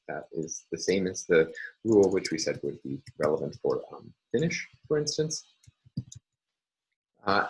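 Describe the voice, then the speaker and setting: A man's voice: low-pitched, rough recording. A man giving a recorded university phonology lecture, explaining step by step with frequent ums and uhs.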